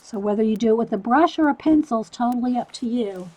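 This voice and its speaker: A woman's voice: fairly high pitch, expressive, brisk, hardly any pauses, darkish tone, breathy edge, rough recording. A woman hosting a live stream, chatting casually through a coloring demo and answering viewer comments.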